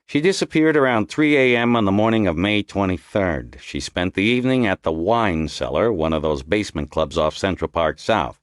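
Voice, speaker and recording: A man voicing an irritable, gruff male police lieutenant who talks bluntly and impatiently. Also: sits low, expressive, normal speed, few pauses, dry recording, studio quality. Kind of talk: audiobook character voice.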